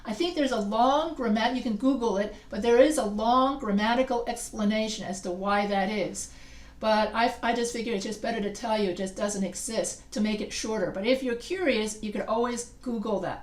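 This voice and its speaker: A woman's voice: mid-range voice, fairly quick, echoey room. A woman instructor giving a chatty, playful grammar lecture in a classroom, asking students questions as she goes. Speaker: writing instructor.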